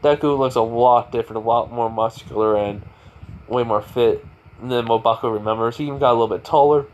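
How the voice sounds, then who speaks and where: A young man rambles through an improvised fan story, correcting himself and filling gaps as he goes. His voice sits at an ordinary middle pitch. The faint hum of an air conditioner runs underneath. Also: brisk, darkish tone. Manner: rambling, with fillers and self-corrections.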